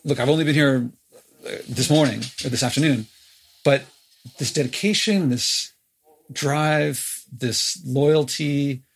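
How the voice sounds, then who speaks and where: A man leads a conversational interview. His voice is husky, with a gravelly edge. He thinks aloud in loose, reflective phrases. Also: mid-range voice, measured pace.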